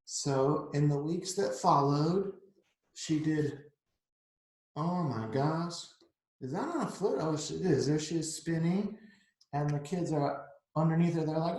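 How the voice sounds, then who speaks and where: A middle-aged man reads a children's picture book aloud, stopping often to chat about the pictures. His voice sits a little high for a man. The recording rings with heavy room echo. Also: a little slow, darkish tone. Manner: chatty, explains the pictures to kids. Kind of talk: read-aloud storytime. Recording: echoey room.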